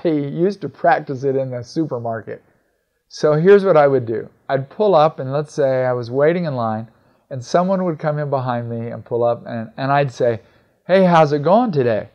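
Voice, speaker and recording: A middle-aged man giving an instructional talk on communication skills in a conversational way, often acting out bits of dialogue. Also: medium pitch. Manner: conversational, acts out quoted dialogue. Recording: slightly dull, lo-fi recording.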